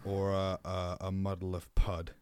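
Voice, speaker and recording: A man's voice: deep voice, completely flat delivery, a little slow, a little mellow, clear, resonant tone, dry recording. Male co-host, playful banter, tangents, swears freely, dry booth sound. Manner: playful, teasing, swears a lot, goes off on tangents. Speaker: podcast co-host. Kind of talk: casual chat.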